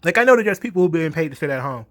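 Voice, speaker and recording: A man's voice: a little high, animated, rapid-fire, a bit bright, no echo, clean studio sound. A man ranting in a mocking, exasperated, profane monologue about wrestling. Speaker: wrestling commentary host.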